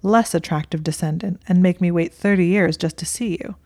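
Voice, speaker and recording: A woman's voice: on the low side, fairly even intonation, fairly quick, a little mellow, no echo, clean studio sound. A woman voicing a smug, needling young wizard man who smirks, rambles and waves things away, in a storybook reading. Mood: rambling.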